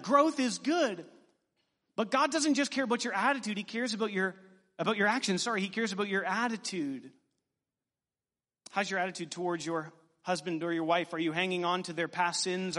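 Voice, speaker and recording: A high-voiced male pastor with a sharp tone gives a sermon in a church sanctuary, exchanging joking asides with the congregation while the hall's long reverb echoes his words.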